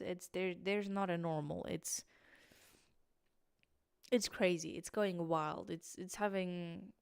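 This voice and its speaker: A sleepy young woman rambles through a late-night livestream in British-tinged English, stopping and restarting her sentences. Her voice is smooth and clear. The sound is dry and close, with no room echo. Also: on the low side. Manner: rambling, restarts, many fillers. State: sleepy, tired. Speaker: streamer.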